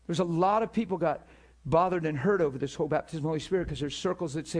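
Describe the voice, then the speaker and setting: A man preaching a sermon, telling stories in an animated, emphatic way and acting out the people he quotes. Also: on the high side, fast talker, hardly any pauses. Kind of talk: sermon storytelling.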